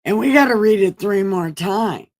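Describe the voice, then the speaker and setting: A woman's voice: medium pitch, animated, moderate pace, dry recording. A woman hosting a livestream, reading scripture aloud in an irreverent, casual way and breaking off for profane, wisecracking asides. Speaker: livestream host. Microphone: home streaming setup.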